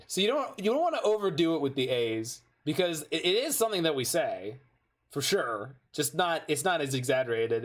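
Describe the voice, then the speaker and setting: A man giving chatty, rambling gameplay commentary while playing an online card game, with jokey asides. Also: medium pitch.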